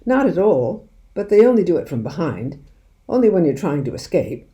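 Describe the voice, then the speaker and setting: A woman reading aloud, voicing a lively, mischievous village father who loves poaching and shares his secrets. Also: on the low side, normal speed. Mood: animated. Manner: animated, conspiratorial, drops to hushed secrecy.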